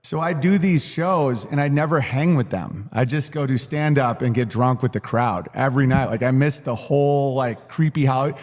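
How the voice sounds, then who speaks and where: A man chatting casually as a podcast guest, his talk loose and rambling, full of filler words. His voice sits mid-pitch with a long reverb trailing behind it. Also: moderate pace, hardly any pauses, darkish tone. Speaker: comedian guest.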